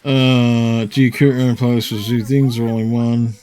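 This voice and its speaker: A man's voice: mid-range voice, flat delivery, moderate pace, mellow. Rambling, swearing man streamer. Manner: rambling and swear-laden, with frequent fillers. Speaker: game streamer. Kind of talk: casual chat while streaming a game. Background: faint game music.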